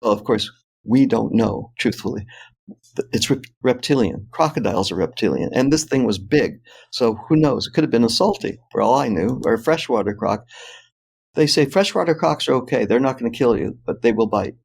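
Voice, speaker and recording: An older man tells a personal story in a gravelly voice, with mid-range pitch. He speaks in an animated, anecdotal way and laughs often. He is a guest on an interview show. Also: a little fast. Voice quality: animated, laughs often while telling stories.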